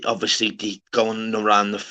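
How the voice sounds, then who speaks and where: Brash, bright-voiced man. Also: lowish voice, monotone, normal speed. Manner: brash, swearing, says "lad" constantly. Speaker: livestream host. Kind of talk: casual chat.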